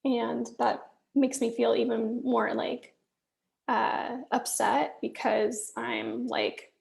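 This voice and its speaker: A woman recording a candid solo business check-in, angry and stressed, talking in halting bursts, swearing and sometimes dropping to a muttered whisper. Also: on the high side, flat delivery, gravelly, darkish tone. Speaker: solo business vlogger reviewing her own work.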